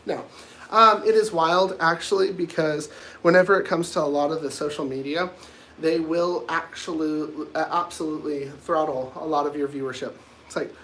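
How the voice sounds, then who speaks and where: A man's voice: a little high, normal speed, a bit bright, slight background noise. Blunt, rambling male livestream host. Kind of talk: casual livestream talk.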